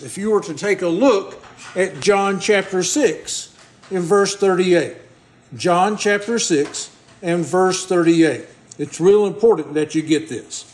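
A man's voice: high voice, slow pace, roomy sound, rough recording. A man preaching a sermon, reading scripture aloud and pressing its points on his listeners in an earnest, emphatic way. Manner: earnest, emphatic, addresses the congregation directly.

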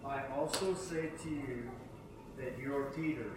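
A man's voice: mid-range voice, unhurried. Guy in the congregation reading scripture, far off mic, big echo, noisy. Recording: far from the mic in a very echoey room, audible noise.

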